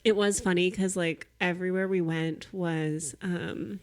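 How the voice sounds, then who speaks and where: A woman's voice: lowish voice, steady tone, unhurried, crowd noise. Giggly, chatty young woman podcaster. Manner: giggly, chatty, filler-heavy. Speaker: podcast co-host. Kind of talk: casual chat.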